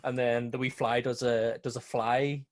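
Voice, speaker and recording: Northern Irish male co-host, mid pitch, giggly, relaxed chat. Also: moderate pace. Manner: laughs often, acts out film lines. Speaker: podcast co-host. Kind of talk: casual chat.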